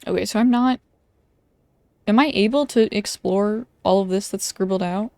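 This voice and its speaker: Gravelly-voiced woman streamer thinking aloud. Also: mid-range voice, moderate pace, mellow, dry recording. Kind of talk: casual gameplay commentary.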